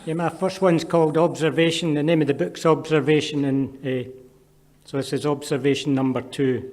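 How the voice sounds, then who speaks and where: A man's voice: fairly high pitch, level tone, moderate pace, darkish tone. Scottish man reading poems in a hall. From Scotland. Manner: dry, wry asides between poems. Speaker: poet. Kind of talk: poetry reading. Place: performance venue with long reverb. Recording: reverberant hall.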